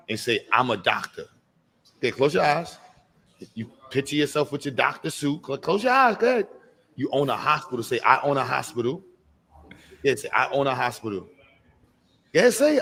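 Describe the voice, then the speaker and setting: A man's voice: medium pitch, a bit bright. A man hosting a live expo, coaxing a child with playful, hype-filled encouragement. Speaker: event host. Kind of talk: energetic live event hosting.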